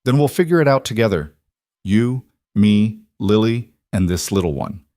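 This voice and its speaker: A man voicing a devoted single father who speaks in an earnest, steady way, in a dry recording. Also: fairly low pitch, normal speed, no room sound, lightly acted.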